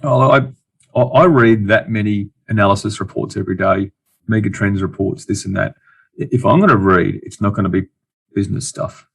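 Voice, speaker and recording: A man's voice: on the low side, brisk, gravelly, breathy edge. A middle-aged Australian man, an investor guest in a casual interview, talking bluntly with many restarts and dry jokes.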